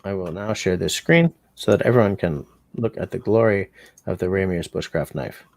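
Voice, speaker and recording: A man's voice: sits low, normal speed, gravelly, no echo. Dry, rambling man hosting a livestream. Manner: rambling, joking, self-mocking. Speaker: bushcraft channel host. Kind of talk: casual livestream chat.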